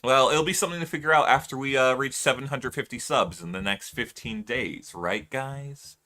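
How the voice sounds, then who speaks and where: Bright-voiced chatty male streamer. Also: medium pitch, normal speed. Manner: chatty, laughs often, trails off into musing. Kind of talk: casual chat with stream viewers.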